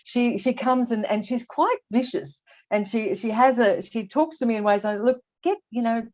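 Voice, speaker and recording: A woman's voice: a little high, moderate pace, a little mellow. An older woman talking candidly as a podcast guest, often restarting and repeating words as she thinks aloud. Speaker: guest expert. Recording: dull lo-fi audio.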